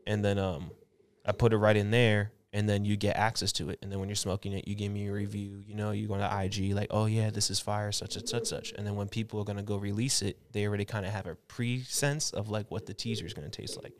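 A man's voice: on the low side, little pitch movement, fast talker. A man in his twenties chatting casually on a podcast, telling stories in laid-back slang. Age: 20s. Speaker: guest, clothing and smoking brand founder.

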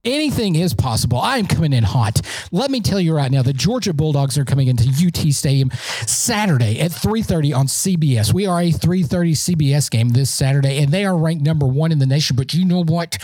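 Guy, excitable podcast fan rant, slightly high voice but mellow tone, dry close sound. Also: a little fast, slightly rough, no room sound. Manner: excitable, boastful fan banter. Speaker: sports podcast host. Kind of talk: solo sports podcast rant. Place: indoor room, standing.

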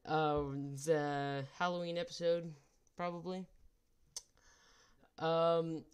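A man's voice: a little high, level tone, takes it slowly, clean tone. A young man hosting a casual streamed podcast with friends, rambling with lots of fillers and frequent laughs. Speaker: podcast host. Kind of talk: casual chat while streaming.

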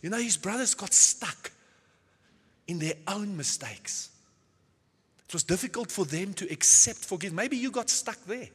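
A man's voice: high voice, expressive, moderate pace, long pauses, fairly bright tone, breathy edge. A man from the Netherlands preaching a sermon as a pastor, impassioned and emphatic, often repeating words as he builds his point. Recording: long hall reverb.

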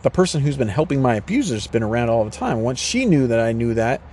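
A man's voice: mid-range voice, very animated, fast talker, a little mellow, slight background noise. Profane, rambling man ranting urgently. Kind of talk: casual rant to camera.

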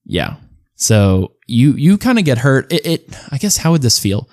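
A man narrating a tabletop game as game master, rambling and halting, often breaking into laughter. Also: medium pitch, very animated, darkish tone, dry recording, studio quality.

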